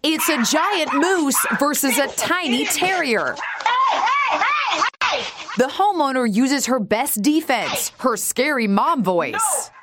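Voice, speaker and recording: A woman reporter tells a lighthearted news story with playful, punchy phrasing. Her voice is fairly high and swings widely in pitch, with clear background noise in the recording. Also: lively intonation, slow. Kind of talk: news feature narration.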